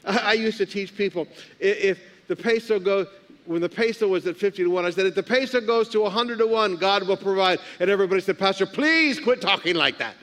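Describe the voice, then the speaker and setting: A pastor preaches with a strikingly high voice. He reads scripture aloud and keeps throwing questions back at the congregation, drawing them into call and response. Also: fairly even intonation, fast talker. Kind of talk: sermon.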